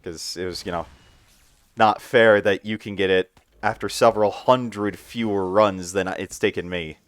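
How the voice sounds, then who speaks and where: Casual gamer husband, low voice, dry close mic, deadpan humor. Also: male voice, unhurried, smooth, no echo. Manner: wry, deadpan jokes. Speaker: gamer playing with his wife. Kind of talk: casual let's-play chat. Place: home.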